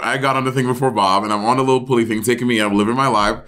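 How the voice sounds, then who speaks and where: A man co-hosting a podcast, chatting casually, telling animated stories and acting out quotes with plenty of swearing. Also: medium pitch, rapid-fire. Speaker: podcast co-host. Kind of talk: casual chat.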